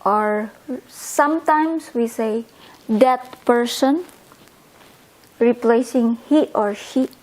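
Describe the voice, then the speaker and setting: A woman from Indonesia, teaching a language lesson patiently and repeating example words slowly. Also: on the high side, a little mellow, rough recording. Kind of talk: slow explanatory language lesson.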